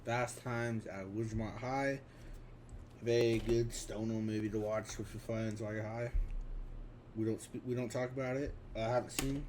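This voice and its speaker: A man's voice: mid-range voice, steady tone, normal speed, noisy background. A man in his twenties talking casually and offhandedly through his film collection, with frequent restarts and fillers. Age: 20s. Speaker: vlogger.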